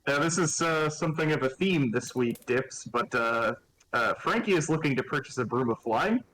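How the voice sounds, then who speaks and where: A man's voice: mid-range voice, animated, moderate pace, fairly bright tone, slight background noise, low-quality recording. A man playing his character at a tabletop game in casual talk, hesitant and full of fillers. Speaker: player.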